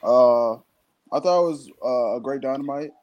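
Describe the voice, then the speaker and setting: A man's voice: medium pitch, measured pace, a little mellow, highs cut off. Blunt swearing man. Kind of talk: casual chat.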